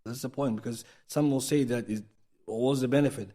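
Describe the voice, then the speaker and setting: A man's voice: mid-range voice, steady tone, brisk, mellow. A man teaching a recorded mosque class in a conversational way, often asking his listeners "right?" and acting out quoted speech.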